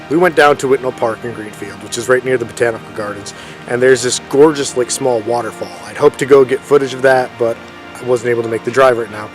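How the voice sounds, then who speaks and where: A man in his thirties telling a ghost story in a casual, rambling way outdoors in a forest, often correcting himself and using lots of fillers. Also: medium pitch. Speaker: paranormal storyteller vlogger.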